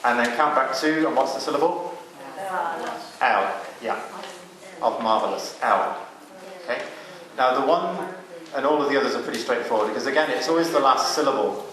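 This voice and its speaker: A man's voice: mid-range voice, moderate pace, a bit bright. A man leading a psalm chanting workshop, explaining each step to the group and singing example lines. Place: cathedral. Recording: very echoey cathedral with music.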